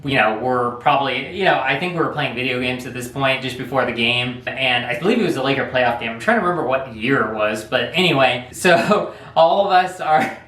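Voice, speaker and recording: A man's voice: mid-range voice, animated, a little fast, a bit bright. A man hosting a vlog, telling a story casually in a rambling way and chuckling often. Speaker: vlog host. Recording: echoey room, faint noise.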